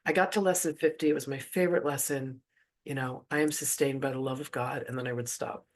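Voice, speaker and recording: A man's voice: mid-range voice, fairly even intonation, brisk. Chatty man telling a spiritual story. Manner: casual, chatty, many "like" asides. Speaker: spiritual teacher. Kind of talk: personal storytelling in a spiritual talk.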